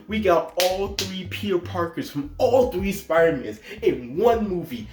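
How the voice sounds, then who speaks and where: A man in a movie review vlog, excitable, swinging between hyped outbursts and a somber hush. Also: high voice, a little slow, reverberant, soft background music.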